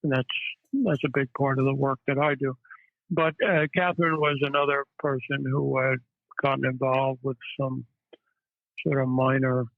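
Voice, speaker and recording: A man, a psychiatrist guest, telling stories in a halting way with many fillers. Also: mid-range voice, creaky, dry recording. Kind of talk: casual interview storytelling. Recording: tinny phone-line audio, dry.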